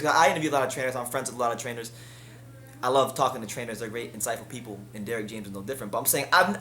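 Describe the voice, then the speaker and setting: A man hosts a solo boxing commentary in a fired-up, exasperated manner. His voice sits a little high, and it climbs even higher whenever he vents. The room around him is noticeably echoey. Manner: heated, rising pitch when frustrated. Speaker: boxing news host.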